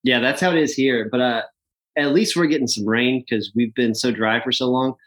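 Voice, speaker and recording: A man's voice: medium pitch, fairly even intonation, fairly quick, fairly bright tone. A man who is a podcast guest, talking about his work in an easygoing casual chat and laughing along. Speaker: podcast guest, app founder.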